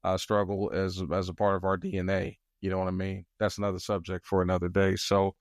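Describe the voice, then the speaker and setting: A man co-hosting a podcast in casual chat, measured and reflective, with frequent hesitations. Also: deep voice, monotone, dry recording, studio quality. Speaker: podcast co-host.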